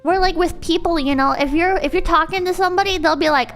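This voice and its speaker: High-pitched ranting young woman streamer. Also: moderate pace, fairly bright tone, faint music behind. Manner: ranting, swearing, mock-quoting others in shrill voices. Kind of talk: casual livestream chat.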